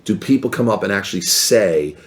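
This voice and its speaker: A man telling stories as a guest on a podcast, his voice swinging up and down in pitch and acting out the people he met. His delivery is animated and casual. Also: a little fast. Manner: animated, acts out other people's lines. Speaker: podcast guest, former reality show contestant. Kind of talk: casual storytelling chat.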